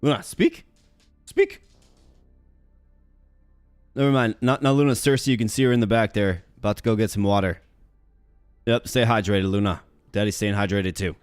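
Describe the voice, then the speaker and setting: A man's voice: lowish voice, steady tone, fairly quick, smooth, no echo, soft background music. A man from Minnesota, hosting a gaming channel, giving chatty, upbeat, slang-filled commentary while he plays. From Minnesota, USA. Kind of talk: casual gameplay commentary.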